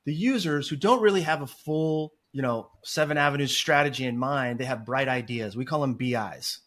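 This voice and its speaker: A talkative man as a podcast guest, telling stories in animated, rambling interview chat. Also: medium pitch, moderate pace. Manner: talkative and animated, apologizes for long answers. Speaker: podcast guest, agency founder.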